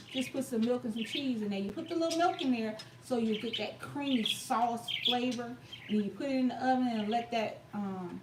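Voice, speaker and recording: A woman hosting a cooking live stream, talking outdoors in a chatty, emphatic, folksy way. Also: on the high side. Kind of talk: casual live-stream chat. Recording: echoey, distant mic, faint outdoor noise.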